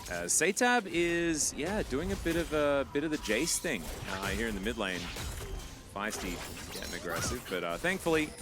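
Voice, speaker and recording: Lively Australian caster, low voice. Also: male voice. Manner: jokey, animated banter. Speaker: esports caster. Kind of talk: live play-by-play commentary. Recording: music in background.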